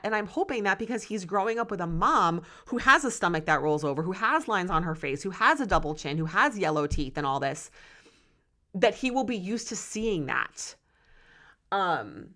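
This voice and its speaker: A woman's voice: medium pitch, fairly bright tone. A woman in her forties hosting a solo podcast, talking candidly and passionately and swearing freely. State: close to tears. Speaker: podcast host.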